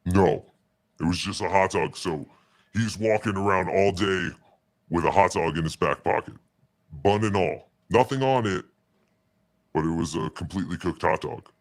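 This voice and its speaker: Low gravelly man telling a story. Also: moderate pace, dry recording. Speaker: interview guest telling a story. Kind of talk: casual storytelling.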